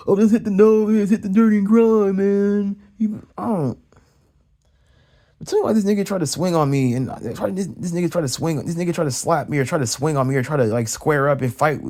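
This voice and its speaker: Young man, angry casual rant, profane, repetitive, mellow higher voice. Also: slightly rough. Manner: profane, heated, repetitive ranting; swings high and loud when mimicking others. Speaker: vlogger ranting.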